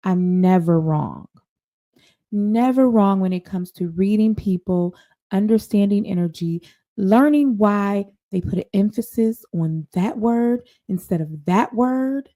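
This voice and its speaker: A woman podcast host delivers a storytelling monologue on her talk show, sassy, confident, and emphatic. Her voice is medium-pitched, mellow, and unhurried.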